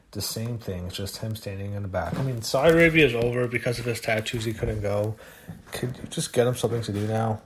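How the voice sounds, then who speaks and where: A man talks through a wrestling show in a loose, unscripted recap, his voice sitting on the low side. He is blunt and profane, waving off segments he finds boring, and his sentences stall on fillers and restarts. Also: slight background noise. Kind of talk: casual recap monologue.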